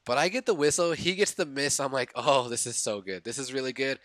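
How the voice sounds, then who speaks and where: A young man giving casual commentary over his own game, excitably reliving his reactions and thinking aloud as he corrects himself. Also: mid-range voice, a little fast, no echo. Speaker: gaming YouTuber.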